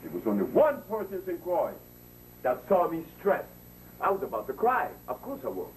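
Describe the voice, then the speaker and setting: In a public lecture, a Honduran herbalist with a high voice whose pitch swoops wildly speaks at a moderate pace, preaching and storytelling emphatically to his audience. The mic is far away, and faint noise is audible.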